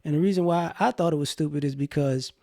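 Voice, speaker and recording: In a casual vlog, a man with a Southern US accent rambles through his opinions, filling his talk with lots of fillers. His voice sits a little high, with a dark tone, and he speaks fast.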